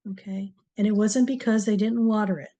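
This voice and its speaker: A woman hosting a TV talk, giving a slow, encouraging motivational talk to viewers with many pauses. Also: mid-range voice, fairly even intonation. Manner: slow, pausing, soft-spoken and encouraging. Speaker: TV show host, speaker on word power.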